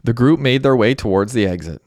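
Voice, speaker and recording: A man reading a story aloud as a narrator, in a steady, even storytelling manner. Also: mid-range voice, a little fast, no room sound, studio quality. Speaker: audiobook narrator. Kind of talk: scripted narration.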